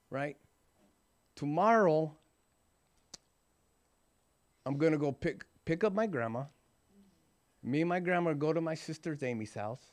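A man in his forties giving an earnest, emphatic recovery testimony, often checking in with "right?". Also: mid-range voice. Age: 40s. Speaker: recovering alcoholic sharing his story.

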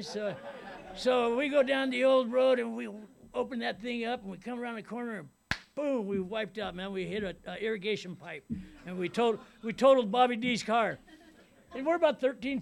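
A middle-aged man with a high, gravelly voice tells his life story in a loose, rambling way. He repeats his words as he goes and keeps asking if you know what he means. He grew up in Ventura County, California. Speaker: speaker sharing his recovery story. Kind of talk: personal testimony.

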